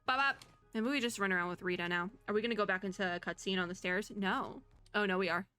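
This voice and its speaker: A young woman gives casual gameplay commentary, chatty and thinking out loud as she reads the story text. Her voice is bright and forward, sitting at a medium pitch. Game music plays faintly underneath. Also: steady tone, quick pace, clear, resonant tone. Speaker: VTuber gamer.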